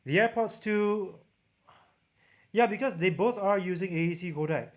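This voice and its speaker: A man from Singapore with a Singaporean accent, a tech reviewer chatting casually on a livestream and reading viewer comments aloud, often halting and restarting his sentences. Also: sits high. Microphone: camera-mounted shotgun mic.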